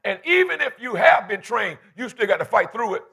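A man's voice: sits high, very animated, brisk, creaky, bright, forceful tone, slightly rough. A man in his fifties preaching a fervent, folksy sermon in church, calling for responses from the congregation. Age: 50s. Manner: colloquial, folksy phrasing. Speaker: pastor.

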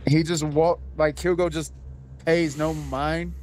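A man's voice: fairly high pitch, little pitch movement, slow pace, darkish tone, slight background noise. A man narrating as game master, cursing freely and acting out what the characters do. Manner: profane, laughing, acting out characters.

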